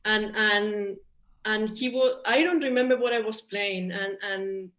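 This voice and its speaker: A woman's voice: mid-range voice, unhurried, a bit bright. A woman from Chile with a Chilean Spanish accent, a Spanish native speaker, chatting casually and often ending sentences with "no?". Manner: adds "no?" to sentences, hesitant restarts. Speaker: musician guest. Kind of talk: casual conversation. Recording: echoey room.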